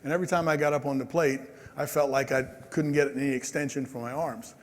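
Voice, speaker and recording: A man in his sixties giving a conference speech, telling stories in a lively way and acting out the people in them. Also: medium pitch, fast talker. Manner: animated, acts out quoted people. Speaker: keynote speaker. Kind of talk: storytelling speech. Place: large convention hall. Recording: long hall reverb.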